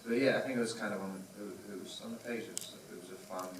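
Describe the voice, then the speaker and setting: An actor answering an audience question, self-deprecating and laughing. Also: male voice, fairly low pitch, steady tone, rapid-fire, distant mic. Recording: echoey cinema with loud noise.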